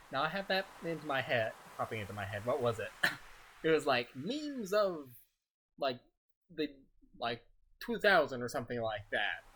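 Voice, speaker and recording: Bright-voiced guy rambling quietly on his game stream, laughs a lot. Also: mid-range voice, big pitch swings, moderate pace, long pauses, slight background noise. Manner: rambling, soft-spoken, chuckles often. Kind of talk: casual gaming stream chat.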